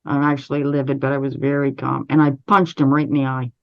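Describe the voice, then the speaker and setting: A woman's voice: extremely low pitch, creaky. Canadian woman telling a story over lo-fi audio. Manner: measured and steady, with frequent restarts. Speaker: interview guest. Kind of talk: recounting a personal story.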